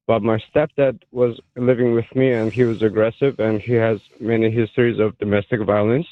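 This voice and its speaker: A man calling in to a radio show, telling his story haltingly with many fillers. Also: on the low side, little pitch movement, dry recording. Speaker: caller. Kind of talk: call-in radio chat. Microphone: phone. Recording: tinny phone line.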